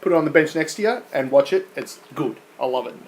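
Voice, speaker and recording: A man's voice: a little high, lively intonation, quick pace, poor audio. A man co-hosting a podcast, reading quiz questions in casual, teasing banter and laughing often.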